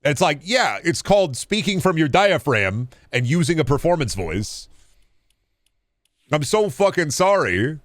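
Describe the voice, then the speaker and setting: A man with a deep voice streaming a game, chatting casually and swearing through quick asides, close to a studio microphone. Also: big pitch swings, no room sound. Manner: chatty, profane, quick asides while playing. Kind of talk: casual gaming stream chat.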